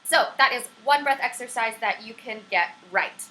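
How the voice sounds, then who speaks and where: A woman's voice: on the high side, normal speed, bright, forceful tone, poor audio. A young woman at home teaching a casual online singing lesson, chatty, encouraging and prone to tangents. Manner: upbeat and encouraging. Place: at home on camera.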